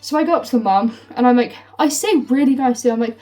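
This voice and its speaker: A young woman telling a storytime vlog, swearing freely and filling her talk with "like", heated and animated. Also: a little high, quick pace, hardly any pauses. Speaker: storytime vlogger. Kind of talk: casual storytime rant. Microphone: phone. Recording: phone mic from a distance with faint music.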